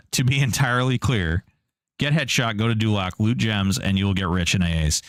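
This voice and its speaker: A man's voice: fairly low pitch, normal speed, fairly bright tone, dry recording, studio quality. A man streaming an online game, chatting casually and joking while answering his chat. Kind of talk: casual live-stream commentary.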